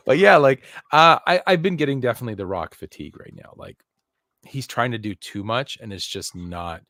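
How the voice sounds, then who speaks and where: Casual male podcast co-host, mid-pitched, jokey and rambling, dry close sound. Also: a little slow, pauses often, bright, forceful tone, no echo. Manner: joking, rambling banter. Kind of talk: casual chat.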